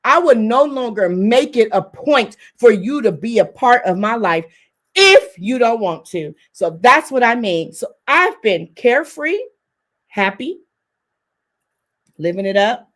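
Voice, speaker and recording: A woman in her twenties co-hosting a couples podcast, telling her side in an emphatic, animated casual chat. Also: a little high, measured pace. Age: 20s. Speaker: podcast co-host.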